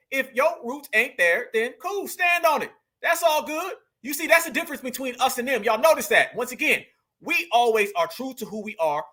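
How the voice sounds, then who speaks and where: A man hosts a talk stream, reacting to clips and speaking straight to his audience. His voice sits very high and rings bright and forceful. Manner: animated, addresses viewers as family and y'all. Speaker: host of a political commentary channel. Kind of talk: casual commentary reacting to clips.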